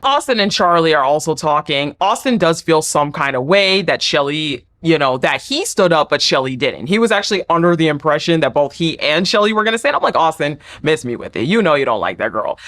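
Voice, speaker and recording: A woman giving a casual, chatty reality TV recap, often acting out cast members in high mocking voices. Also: a bit bright. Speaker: recap vlogger.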